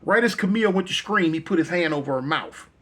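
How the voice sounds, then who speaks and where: A man's voice: sits high, expressive, fast, pushed and bright. A male storyteller telling a dramatic tale in a conversational, repetitive way.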